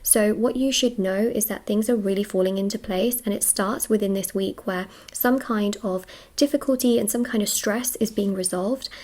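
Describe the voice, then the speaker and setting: A woman giving a casual tarot reading to her viewers, talking fast, slightly out of breath, gushing and reassuring with many fillers. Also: medium pitch, darkish tone. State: short of breath. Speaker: tarot reader. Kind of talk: casual spiritual reading to camera.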